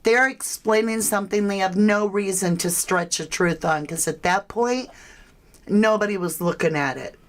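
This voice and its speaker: A woman's voice: mid-range voice, moderate pace. A woman hosting a true crime livestream, chatting casually with viewers and thinking aloud with frequent asides.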